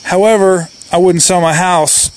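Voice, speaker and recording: A man, a real estate agent, telling a story in a casual monologue, chatty and animated. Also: sits high, unhurried. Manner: chatty, many fillers and restarts, animated.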